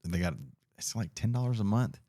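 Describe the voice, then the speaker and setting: A man hosts a relaxed podcast chat, laughing easily and cussing without a second thought. His voice sits low and is recorded close and dry on a podcast mic. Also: fast talker, dry recording. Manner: laid-back, laughs often, swears freely. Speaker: podcast host. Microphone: podcast mic on a mixer.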